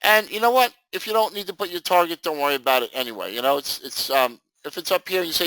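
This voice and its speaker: Animated high-voiced male trading instructor. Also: quick pace, no echo, rough recording. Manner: animated, jokey, acts out students' reactions. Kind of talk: live screen-share training session.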